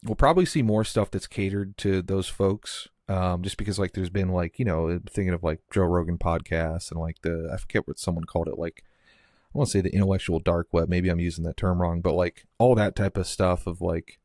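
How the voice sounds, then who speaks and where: A man's voice: low-pitched, steady tone, brisk, darkish tone, no echo, studio quality. A man hosting a casual movie podcast, rambling with many restarts and filler words. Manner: rambling, heavy use of "like" and restarts. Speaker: podcast host.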